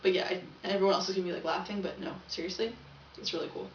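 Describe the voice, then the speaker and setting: In a casual video diary, a young woman vlogger talks rapid-fire in a fairly low, steady voice, rambling chattily and often correcting herself. She's recorded from a distance, off the mic, so it sounds echoey and dull with slight background noise.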